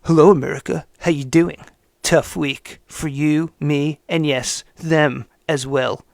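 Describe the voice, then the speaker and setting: A man putting on a lower voice to mock a hateful young male online ranter, reading his post slowly and with heavy, sneering emphasis. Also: fairly even intonation, gravelly, dry recording, studio quality.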